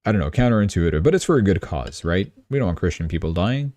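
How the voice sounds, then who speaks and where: A deep-voiced young man rattling through the week's headlines in a casual, chatty livestream style. He tosses off sarcastic asides as he goes, and his voice comes across close and dry at the desk mic. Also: lively intonation, fast, a little mellow, no echo. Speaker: crypto and news livestream host. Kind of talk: casual news commentary.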